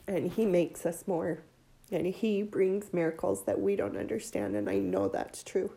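A woman giving an emotional religious testimony, near tears, heartfelt and halting. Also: mid-range voice, steady tone, vocal fry, warm tone, slight background noise.

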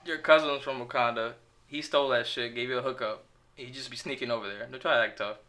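A podcast host who trades teasing, rapid-fire banter with his co-host. The voice sits at a middle pitch and comes across bright and forceful. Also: fairly even intonation. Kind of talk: teasing casual chat.

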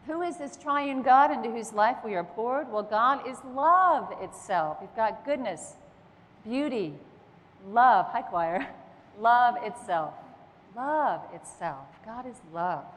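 A woman preaching a sermon in a church, earnest and emphatic, with slow pauses between phrases. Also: fairly high pitch, expressive, a bit bright. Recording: long hall reverb.

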